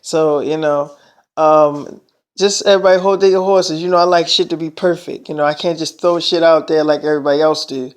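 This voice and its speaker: A man's voice: on the high side, steady tone, fairly quick, clean tone. A man telling a long story in casual talk, rambling and swearing a lot, often saying "I'm like" and "she's like". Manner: rambling, heavy profanity, repeats "I'm like, she's like".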